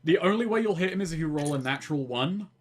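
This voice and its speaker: A man running a tabletop role-playing game as game master, explaining rules and narrating scenes in a casual, relaxed way. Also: a little high, fast, background noise.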